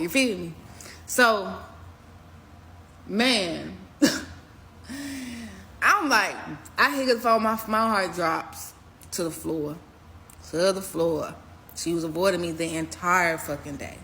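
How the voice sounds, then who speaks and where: Animated young woman telling a wild story. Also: slight background noise. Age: young adult. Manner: animated, profane, swings from shouting to low mutters. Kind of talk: casual storytime vlog.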